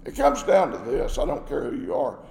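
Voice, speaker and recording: Gravelly preacher in an echoey hall. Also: male voice, on the high side, wildly swooping pitch, a little fast, warm tone, a little hiss or hum. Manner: emphatic, repeats phrases for stress. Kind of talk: sermon. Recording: echoey hall with long reverb.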